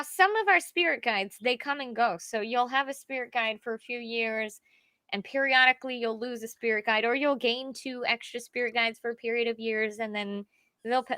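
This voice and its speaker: A woman guest medium with a bright, forceful voice set a bit high. She answers viewer questions in easy, casual chat and jokes about herself. The recording is dry and close. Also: normal speed, dry recording. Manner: frequent short agreement, self-deprecating laugh.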